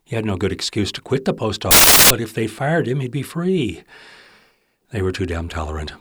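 A man's voice: lowish voice, sing-song, moderate pace, heavy background noise. A man narrating literary fiction in a wry, intimate storytelling manner.

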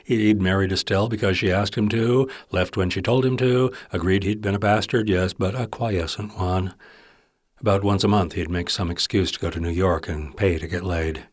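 A man's voice: deep voice, fairly even intonation, normal speed, no echo, studio quality. A man narrating literary fiction in a wry, intimate storytelling manner.

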